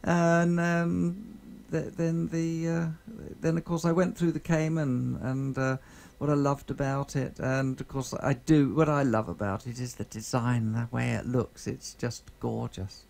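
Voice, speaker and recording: A man streaming a space survival game, talking casually in a halting, rambling way full of fillers and restarts. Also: mid-range voice, flat delivery, gravelly, darkish tone. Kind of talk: casual gameplay chat. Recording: noisy game sound behind the voice.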